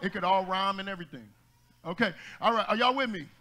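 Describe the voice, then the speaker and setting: A pastor preaching to his congregation in a very high, ringing voice. He talks to the room in call-and-response style, builds into shouts, and drops in jokes, with a bright, forceful edge. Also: quick pace. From United States. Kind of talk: energetic Black church sermon. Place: church sanctuary with congregation.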